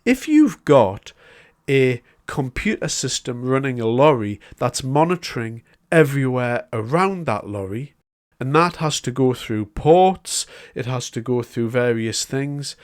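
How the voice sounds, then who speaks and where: A man's voice: mid-range voice, sing-song, a little slow. A man giving a solo political commentary, talking in a conversational, emphatic way as he builds his argument point by point.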